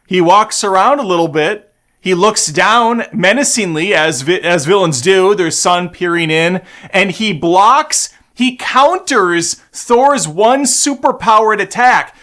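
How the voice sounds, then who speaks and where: A man giving casual, snarky commentary on a movie trailer, swearing freely and breaking into excited bursts. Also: high voice, slow. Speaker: movie trailer reaction host.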